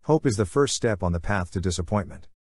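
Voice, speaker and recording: A man's voice: sits low, animated, brisk, a little mellow, slightly rough, no room sound, studio quality. A man reading as a grim army officer. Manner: blunt and curt.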